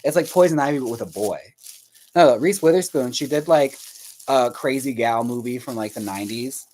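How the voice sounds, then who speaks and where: Speaking at a normal speed in a mid-range, a little mellow voice, with slight background noise, a man paints dolls on a livestream. He chats casually with his viewers, chatty and profane, laughing often and rambling as he tries to remember things aloud.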